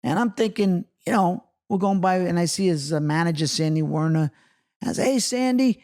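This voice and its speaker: A middle-aged man from New York, a guest actor telling excitable, swearing anecdotes in casual chat. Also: a little high, a little fast. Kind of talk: animated storytelling in casual chat.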